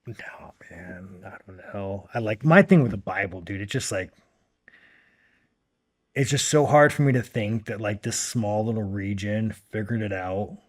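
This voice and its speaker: A somewhat low-pitched man in his thirties, talking as a guest in a casual long-form interview. He swears constantly and speaks bluntly, rambling through his points with plenty of "like" and "you know.". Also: normal speed. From United States. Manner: blunt and heavily profane, rambling with fillers. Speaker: podcast guest.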